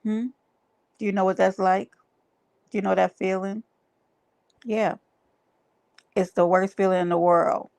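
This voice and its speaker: A woman's voice: medium pitch, steady tone, measured pace, vocal fry, pauses often, darkish tone, smooth. A woman hosting a livestream, talking to her chat in an emphatic, preachy way and repeating her phrases. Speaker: livestream host. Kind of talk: casual livestream talk to chat.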